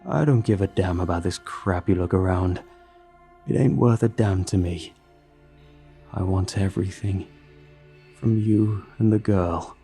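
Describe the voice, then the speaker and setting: A man's voice: sits low, warm tone, faint music behind. Man doing a drawling Texas monster. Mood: menacing. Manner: slow drawl, hissing. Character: monstrous male creature, menacing, slow Texas drawl.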